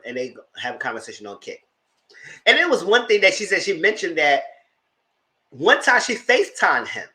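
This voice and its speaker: A man talks through a reality show episode in a loose, chatty recap. His voice is bright and edged, and it swings widely in pitch, leaping high whenever something strikes him as unbelievable. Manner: animated, incredulous retelling with sudden high exclamations. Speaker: TV recap vlogger. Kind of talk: casual recap commentary.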